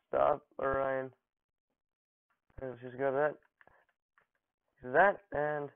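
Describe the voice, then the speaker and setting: Young man, gameplay commentary, joking mock-dramatic taunts, unhurried delivery, thin phone-like audio. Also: mid-range voice, little pitch movement, vocal fry, dry recording. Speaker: gaming channel host. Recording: dry, phone-like narrow audio.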